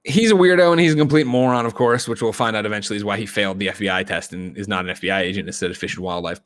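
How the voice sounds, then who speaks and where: A man's voice: on the low side, very fast, a bit bright. A man co-hosting a podcast, retelling a movie plot in a loose, profane, rambling way with many ums. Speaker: podcast co-host. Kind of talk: casual movie recap on a podcast.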